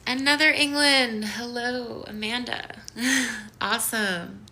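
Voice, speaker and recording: A woman teaching a live-streamed yoga class, giving slow, soothing cues and bubbly greetings to viewers. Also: a little high, fairly even intonation, sharp tone, a little hiss or hum. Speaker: yoga instructor. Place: home studio in downtown Los Angeles.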